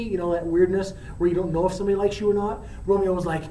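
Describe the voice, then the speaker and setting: A man's voice: sits high, steady tone, a little fast, mellow, a little hiss or hum. Guy retelling an old play all slangy and chatty, echoey room, mic pretty far off. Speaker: storyteller. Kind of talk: casual retelling of a classic play.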